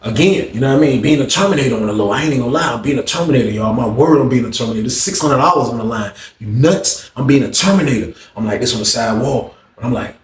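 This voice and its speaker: A man telling a story casually, animated and slangy, acting out the quotes. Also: mid-range voice, fast talker, hardly any pauses. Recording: roomy echo with faint ambience.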